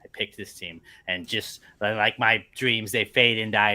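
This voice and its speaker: A man's voice: lowish voice, fairly even intonation, unhurried, few pauses, bright, forceful tone. A man co-hosting a podcast in casual chat, ranting and swearing in exasperation. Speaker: podcast co-host.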